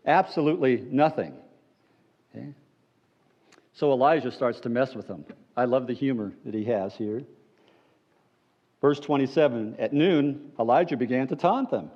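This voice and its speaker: A male pastor delivering a sermon in a mid-pitched voice, shifting between lively, teasing storytelling and quiet, earnest pleading. The recording sounds a little dull and lo-fi. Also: normal speed. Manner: animated, playful storytelling that drops to low earnest appeals.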